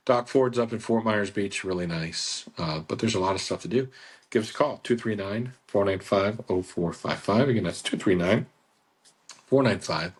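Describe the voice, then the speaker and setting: Husky, low-voiced man, casual radio sales chat, rambling and folksy. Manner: chatty, salesy, repeats phone number. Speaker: boat club staff on radio. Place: radio studio.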